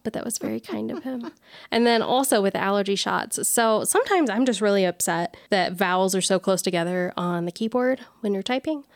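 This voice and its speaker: A woman's voice: mid-range voice, brisk, gravelly, no echo, studio quality. A woman chatting casually as a co-host, telling funny personal stories and mimicking the people in them. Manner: animated storyteller who mimics people.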